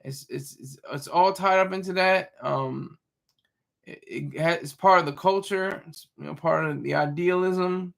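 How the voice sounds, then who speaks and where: A man with a high, bright voice talks loosely off the cuff as a stream host, answering his chat. His delivery halts often, doubling back on words and correcting himself mid-sentence. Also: creaky. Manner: rambling, halting, frequent restarts and self-corrections. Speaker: livestream host reading chat. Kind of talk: casual rambling commentary.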